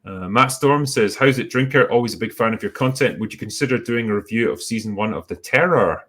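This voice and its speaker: A middle-aged man, hosting a casual chat, halting with many pauses and wry remarks. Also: mid-range voice, a bit bright. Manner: laid-back, halting with many ums, wry. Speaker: host. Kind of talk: casual chat reading superchats.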